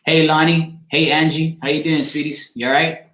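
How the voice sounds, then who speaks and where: A man's voice: fairly high pitch, level tone, moderate pace, roomy sound, background noise. A man giving a casual tarot reading on a livestream, rambling loosely, swearing now and then and breaking off to greet viewers. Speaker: tarot reader.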